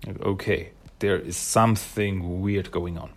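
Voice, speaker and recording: A man's voice: low voice, steady tone, measured pace, vocal fry. A man casually reviewing a comic, rambling, with frequent hesitations. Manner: rambling, with frequent fillers and laughs.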